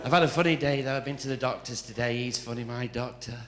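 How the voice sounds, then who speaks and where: A man's voice: medium pitch, quick pace, a crowd in the background. An older man doing a camp stand-up routine on a club stage, teasing the audience cheekily. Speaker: stand-up comedian. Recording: echoey room with loud audience noise.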